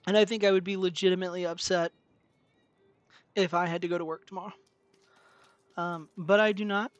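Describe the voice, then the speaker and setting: A high-voiced man speaks a little fast over soft background music as he streams a game indoors at home. He chats with viewers, expressive and quick to poke fun at himself.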